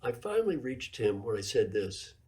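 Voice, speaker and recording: Man, 70s, executive coach giving a keynote, mellow voice, emphatic storyteller who drives points home by repetition. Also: mid-range voice, very animated, normal speed. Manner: storytelling, emphatic, repeats key phrases. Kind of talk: keynote lecture with anecdotes.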